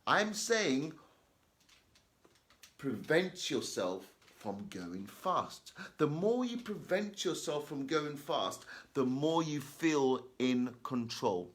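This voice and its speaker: A man coaching children on reading aloud and practice, talking in a lively, encouraging way and checking in often with "okay?". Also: a little high, takes it slowly. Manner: animated, repeats key points, many "okay?" check-ins. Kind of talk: storytime talk to children.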